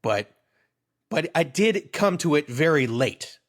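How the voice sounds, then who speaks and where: This co-host, a man in his thirties, has a voice on the high side and takes a slow pace. In casual podcast chat, he spins rambling, amused, animated stories.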